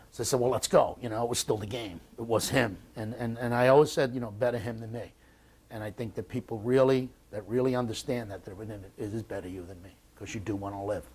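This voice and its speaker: A man's voice: mid-range voice, darkish tone, slightly rough. An American man in his sixties, a war veteran recounting memories in an oral history interview. He talks bluntly, swears often, and stops and restarts his sentences. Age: 60s. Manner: halting and blunt, with frequent restarts and profanity.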